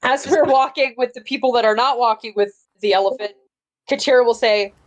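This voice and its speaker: Lady playing a tabletop game, higher voice, says her lines straight. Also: fairly quick, poor audio. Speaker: player. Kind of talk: casual tabletop game chat.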